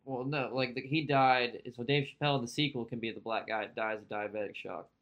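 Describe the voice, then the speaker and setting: A man's voice: medium pitch, fairly even intonation, a little fast, lo-fi sound. A man co-hosting a podcast, ranting crudely and comically in casual banter. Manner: loud, crude, comic rants. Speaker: podcast co-host.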